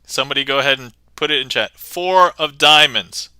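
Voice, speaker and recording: Bright, crisp-voiced man doing playful magic patter. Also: medium pitch, a little fast, no room sound. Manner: playful, chatty, laughs often, thanks viewers by name. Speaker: livestream magician. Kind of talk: casual livestream patter.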